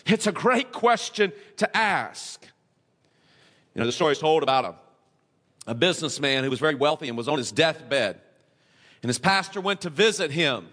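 A male pastor preaching a sermon, asking his listeners question after question and swinging between quiet, low stretches and emphatic peaks. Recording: long hall reverb.

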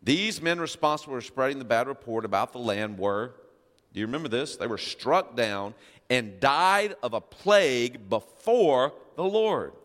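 A man's voice: mid-range voice, lively intonation, moderate pace, fairly bright tone, in a large hall. A male pastor preaching a sermon, reading scripture and asking the congregation questions with emphasis.

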